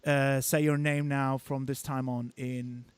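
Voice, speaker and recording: A man's voice: medium pitch, level tone, a little slow, clear, resonant tone, no room sound. A man from Germany hosting a casual live-stream chat, laughing often and stumbling over his words. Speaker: host.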